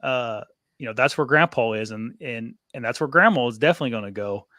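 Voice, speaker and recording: A man's voice: mid-range voice, fast talker, sharp tone, dry recording, studio quality. A man in his thirties, co-hosting a casual faith podcast, talking in an earnest, emotional way about his family. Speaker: podcast co-host.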